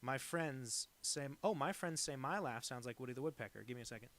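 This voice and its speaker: Briskly, in a mid-range and slightly bright voice, a man chats while live-streaming his drawings of viewer requests. The cartoonist wanders through one digression after another, with plenty of fillers and jokes at his own expense.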